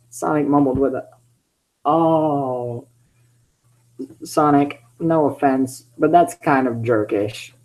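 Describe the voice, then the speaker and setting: A man's voice: medium pitch, takes it slowly, long pauses, a little mellow, rough recording. A man hosting his channel, reading fan fiction aloud with chatty, self-interrupting commentary.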